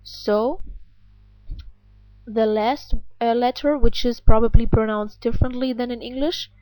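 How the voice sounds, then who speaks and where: A woman's voice: a little high, fairly even intonation, a little slow, mellow, no room sound, rough recording. A native German woman with a German accent, patiently explaining pronunciation step by step and asking the learner questions. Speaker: language teacher. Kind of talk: instructional explanation.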